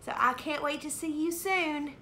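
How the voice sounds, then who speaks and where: A woman preschool teacher reading a picture book aloud to young children in an animated, sing-song way, in an echoey room. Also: high voice, moderate pace. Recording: echoey room, faint noise.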